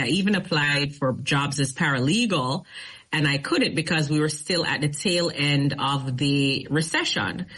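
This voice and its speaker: A woman's voice: low voice, breathy edge, low-quality recording. A middle-aged woman, an attorney telling her story in a casual interview and building up emphasis as she goes. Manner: storytelling, animated retelling with rising emphasis. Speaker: attorney, guest.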